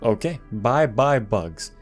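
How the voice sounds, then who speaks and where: A man's voice: medium pitch, sing-song, slow, faint music behind. A man casually commenting on a video game walkthrough, reading the game's text aloud and adding dry jokes.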